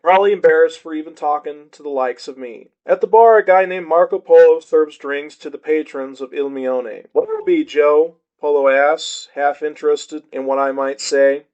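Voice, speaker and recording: A man's voice: fairly high pitch, smooth. A man reading a short story aloud in the first person with a wry, laid-back delivery, on a dull lo-fi recording.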